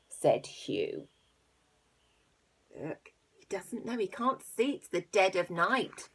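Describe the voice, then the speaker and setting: Gravelly woman reading to children. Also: mid-range voice, slow pace, long pauses. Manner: animated, playful animal noises, hushed asides. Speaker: teacher. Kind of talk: reading a picture book aloud to young children.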